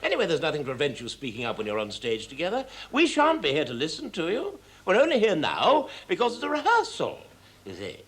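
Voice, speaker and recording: Brusque theatre manager. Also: male voice, fairly high pitch, huge pitch swings, quick pace, fairly bright tone. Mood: lecturing. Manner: commanding, brusque, mocking laughs. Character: bossy theatre manager, middle-aged man, impatient. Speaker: theatre manager running a rehearsal.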